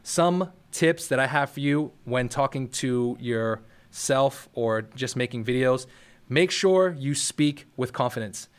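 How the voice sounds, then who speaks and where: Young male host, casual tutorial delivery, direct coaching tone, mid-pitched voice, speaking from his office. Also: slow, smooth. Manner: coaching, direct, repeats "all right?". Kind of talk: casual how-to talk to camera. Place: office next to a firehouse.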